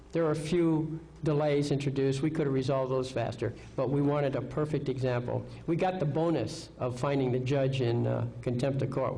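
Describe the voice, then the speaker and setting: A man's voice: medium pitch, warm tone, poor audio. A man giving a live seminar lecture, confident, asking rhetorical questions and checking in with "okay?". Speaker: seminar speaker.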